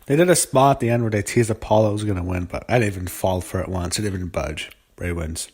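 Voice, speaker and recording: A young man with a lowish voice talks through a wrestling show in a loose, rambling way. He leans on fillers and blunt, profane opinions, like a fan reviewing at home. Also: fast, a little mellow, breathy edge. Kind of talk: casual spoken recap.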